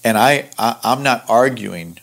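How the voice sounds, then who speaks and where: A man teaching through a Bible passage in an earnest, conversational way, explaining verses with lively asides. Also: mid-range voice, measured pace, vocal fry. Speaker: pastor teaching Bible study.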